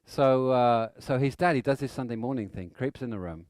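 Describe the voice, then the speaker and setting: A man runs a training seminar, telling anecdotes and acting out the people in them. His voice sits at an ordinary middle pitch. The sound is dry, with no room echo. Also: normal speed. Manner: animated, acts out stories with shouts and laughter. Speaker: NLP trainer. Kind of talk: live seminar storytelling.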